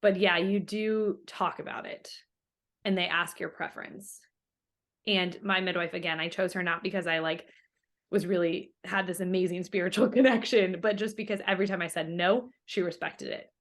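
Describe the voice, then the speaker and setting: A woman's voice: fairly low pitch, fairly even intonation, normal speed. A young woman telling her story as an interview guest in a casual, chatty way, full of fillers and quoted remarks.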